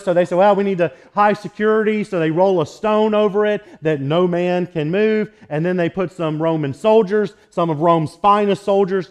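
High-voiced man preaching a casual sermon. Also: darkish tone. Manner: casual, conversational, joking storyteller. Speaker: pastor. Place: church sanctuary.

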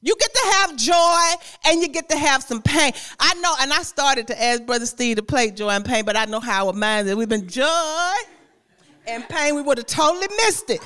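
A woman preaches a sermon in a high-pitched voice at a normal speed. Her delivery is lively and conversational, full of repeated phrases and frequent laughter, and she speaks directly to the congregation.

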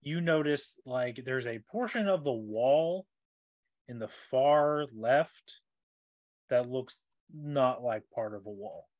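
Slow, easygoing male game master. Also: mid-range voice, dry recording, lo-fi sound. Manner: relaxed, unhurried narration with loose fillers. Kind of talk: narrating a tabletop game.

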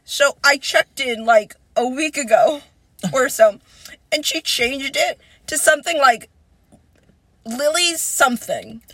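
A young woman in casual chat, telling a story with strong emotion, swearing freely and rising into near-crying shouts. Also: high-pitched, slow, no echo, rough recording.

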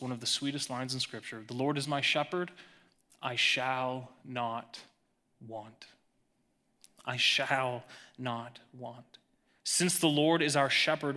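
Male pastor, sermon delivery, very bright tone, emphatic with hushed drops. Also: fairly high pitch. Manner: emphatic, swings between raised emphasis and hushed lines.

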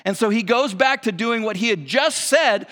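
A man's voice: extremely high pitch, expressive, moderate pace, pushed and bright, long reverb tail. A man preaching a sermon as a pastor, in a casual, conversational and slangy way.

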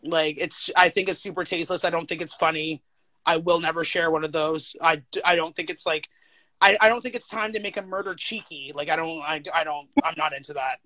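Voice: mid-range voice, no echo. Young adult interviewee, casual and emphatic, filler-heavy, dry close mic. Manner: emphatic, animated, full of "like" fillers and quick laughs. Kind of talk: casual conversation.

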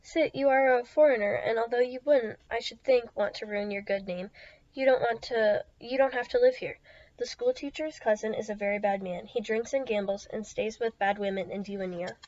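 A woman reading aloud brings in a solemn village man who speaks with grave urgency. The voice stays fairly high. The recording sounds dull and lo-fi. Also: normal speed, a little mellow, no room sound, lightly acted. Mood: urgent warning. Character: solemn, stern village man giving warnings.

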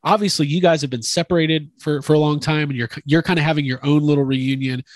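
A man's voice: fairly high pitch, steady tone, fast talker, no echo. Eager rambling male podcast host. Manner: enthusiastic, rambling questions with frequent restarts. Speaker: podcast host interviewing an actor. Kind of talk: casual interview chat.

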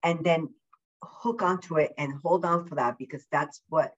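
A woman's voice: deep voice, muffled recording. Effusive, upbeat woman on a podcast. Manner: effusive, upbeat, repeats words for emphasis; deliberately slowed speech. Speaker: podcast guest. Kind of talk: casual interview chat. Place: at home.

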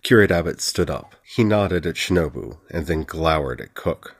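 A man narrating a fantasy audiobook in an even, steady reading. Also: very deep voice, normal speed, gravelly, hardly any pauses, husky.

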